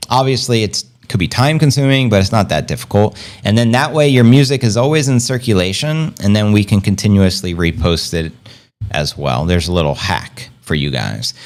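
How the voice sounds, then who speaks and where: A man hosting a casual livestream, rambling upbeat and slangy, reading out viewer comments and giving shout-outs. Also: mid-range voice. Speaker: crypto livestream host.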